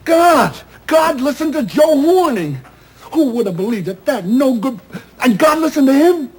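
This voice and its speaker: An actor playing a middle-aged theatrical agent, loud, sardonic and self-pitying, in a 1970s TV drama. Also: male voice, very high-pitched, lively intonation, moderate pace, husky, heavily acted. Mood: outraged. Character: loud, bitter, wisecracking male theatrical agent. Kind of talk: 1970s television drama acting.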